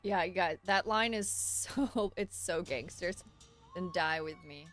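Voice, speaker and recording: A woman's voice: slow pace, over music. A woman streaming at home as an anime reaction streamer, talking casually and exclaiming and laughing a lot, with faint show audio behind her. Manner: highly expressive, exclaiming and laughing. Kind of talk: casual live reaction commentary.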